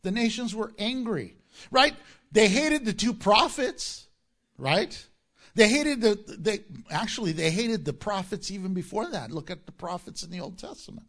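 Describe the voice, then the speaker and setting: A man's voice: high-pitched, animated, normal speed, fairly bright tone. A man preaching a sermon as pastor, emphatic, asking rhetorical questions and acting out mocking quotes.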